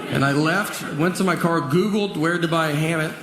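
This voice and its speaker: A man with a Southern US accent doing a stand-up comedy set, telling stories in a slow, deadpan way with trailing pauses. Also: a little high, over a noisy crowd. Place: comedy stage with live audience. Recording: noisy live audience recording.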